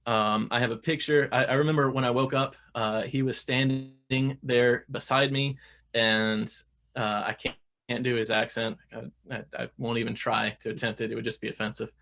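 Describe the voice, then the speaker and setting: Brief: young adult man, gravelly, chatty guest with lots of restarts. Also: medium pitch, steady tone, normal speed, sharp tone. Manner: chatty, many fillers and restarts. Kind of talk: casual interview talk.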